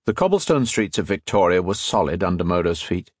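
A man narrating an audiobook in a measured, expressive way. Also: sits low, slightly rough, no echo, clean studio sound. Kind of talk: scripted narration.

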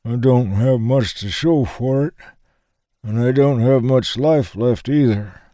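A man voicing a very old, toothless man who speaks slowly in a slurred, weary way. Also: medium pitch, mellow, no echo, studio quality, voice pushed up, natural voice. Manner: slow slurred old man's speech.

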